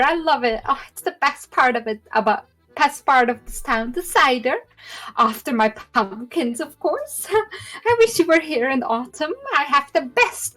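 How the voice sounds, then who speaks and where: A woman's voice: high-pitched, fairly bright tone, heavily acted. A woman voicing a cheerful, chatty halfling farm woman who fusses and repeats herself. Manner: bubbly, fussy, repeats herself. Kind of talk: tabletop role-play voice.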